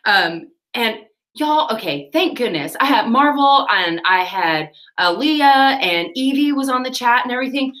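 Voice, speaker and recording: A woman chatting casually on her livestream, telling a rambling story with quick laughs while she cleans her tack. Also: a little high, expressive, fairly bright tone. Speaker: livestream host.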